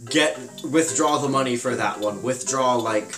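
A man's voice: medium pitch, normal speed. A young man co-commentating a game, dryly telling the player what to do next. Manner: instructive, dry, gives directions. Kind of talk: casual gameplay commentary. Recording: roomy sound with game music.

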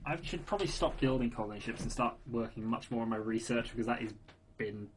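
A man's voice: medium pitch, fast. A man with a mid-range voice talks through his strategy game turns, often second-guessing and correcting himself. A faint hiss and clicks run under the recording. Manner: chatty, self-correcting, laughs at himself. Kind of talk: casual chat over gameplay.

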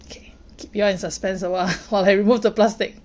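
A woman hosting a toy unboxing, gently narrating and reacting with delight to each figure as she unwraps it. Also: medium pitch, steady tone, fast. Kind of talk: unboxing narration, soft ASMR-like. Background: plastic crinkling and clicks from handling toys.

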